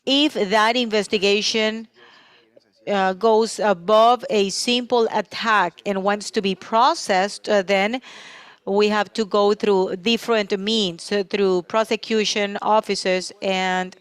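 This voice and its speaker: This is a woman doing simultaneous interpretation for a conference panel, in a voice of middle pitch for a woman. She stays steady and even, pausing briefly as she follows the speaker. The sound is close and dry, with no room echo.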